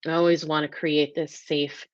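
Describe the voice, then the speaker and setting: A woman's voice: low voice, level tone, moderate pace, dry recording. A woman hosting a live-stream talk, speaking earnestly and emotionally, rambling with frequent restarts. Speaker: host. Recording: dull, dry lo-fi sound.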